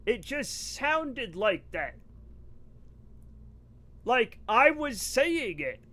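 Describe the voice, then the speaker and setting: A high-pitched middle-aged American man is live streaming, joking loudly with his chat while ranting about pronunciation.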